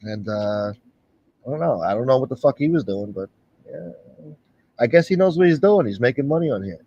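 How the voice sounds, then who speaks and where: A man's voice: medium pitch, lively intonation, brisk, mellow, slightly rough, highs cut off. A male livestream host in a casual, profane rant, blunt and sarcastic, swearing often.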